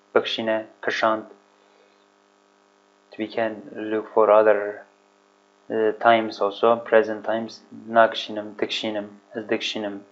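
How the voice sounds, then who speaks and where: A language teacher with a lowish voice gives a casual vocabulary lesson, speaking slowly and hesitantly. He searches for words, repeats himself and thinks aloud, captured on a dull lo-fi recording.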